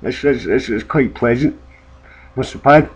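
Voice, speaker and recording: A man's voice: mid-range voice, unhurried. A British man hosting an improvised comic vlog, rambling and hesitant, amused at himself. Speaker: comedy vlogger. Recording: dull lo-fi home recording, faint noise.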